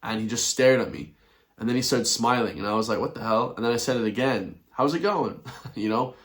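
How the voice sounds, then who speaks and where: A man's voice: mid-range voice, steady tone, quick pace, a bit bright. A man doing a blunt, repetitive rant in a video commentary, chuckling between his points. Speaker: online commentator.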